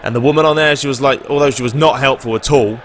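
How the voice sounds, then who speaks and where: A man's voice: mid-range voice, fast talker, slight background noise. Chatty young English man from London. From England. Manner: chatty and laid-back, with frequent filler words. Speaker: gaming YouTuber answering viewer questions. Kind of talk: casual Q&A chat over gameplay.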